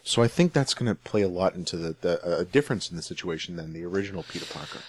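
A man's voice: low voice, expressive, quick pace, a little mellow, husky, dry recording. A man co-hosting a casual podcast chat, joking and mock-earnest as he talks through upcoming films. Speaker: podcast co-host.

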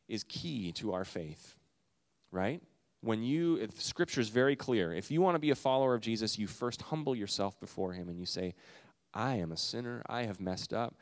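A man's voice: on the low side, big-room sound. Earnest conversational male pastor preaching. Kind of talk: sermon.

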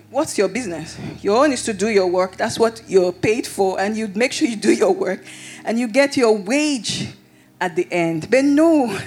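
A woman pastor preaching a sermon, telling a personal story in an animated way that rises into excited shouts. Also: mid-range voice, breathy edge.

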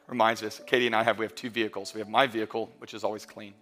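A man in his thirties preaching a sermon as pastor, emphatic and building to loud peaks, mixing in humorous stories. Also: on the low side, level tone, racing, faint music behind. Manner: emphatic, rising to near-shouting peaks; storytelling with humor and quoted voices.

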